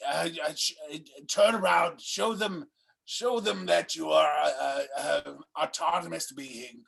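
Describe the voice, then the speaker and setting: A man's voice: on the high side, steady tone, unhurried, gravelly, a bit bright, full character voice. A man playing a fussy, melodramatic mad scientist who dotes on his creation and breaks into dramatic cries, in an improv comedy scene. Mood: flustered. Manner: melodramatic, bursts into cries, stammers.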